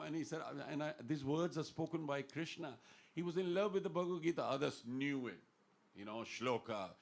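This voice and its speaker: A man giving an earnest, informal devotional talk in a temple class, telling stories and quoting Sanskrit verses. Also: fairly low pitch. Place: temple hall.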